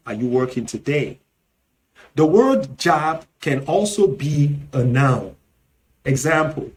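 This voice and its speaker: A man with a Nigerian accent teaching a language lesson, saying each example slowly and repeating words clearly. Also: fairly high pitch, animated, a little mellow. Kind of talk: slow, deliberate language lesson.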